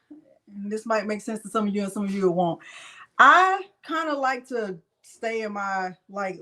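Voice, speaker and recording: A woman's voice: on the high side, a bit bright, poor audio. A woman hosting a casual crafting live stream from home, chatting with viewers and her dog.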